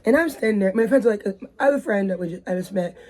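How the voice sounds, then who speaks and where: Racing along in an animated, medium-pitched, darkish voice, this vlogger chats from her bedroom indoors. Her casual talk rambles and is full of fillers.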